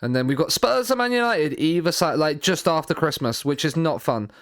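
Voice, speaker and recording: A man streaming a football management game, thinking out loud in a rambling way, often repeating and restarting his words, with dry sarcastic asides. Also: on the high side, animated, fairly quick, dry recording. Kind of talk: live stream commentary while playing a football manager game.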